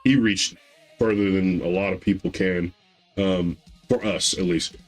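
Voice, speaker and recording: A man in his thirties telling a long family story in casual podcast chat, rambling with fillers and acting out quotes in a higher voice. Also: fairly even intonation, measured pace, faint music behind, low-quality recording. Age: 30s. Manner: rambling, acts out quotes with raised pitch. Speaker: podcast co-host.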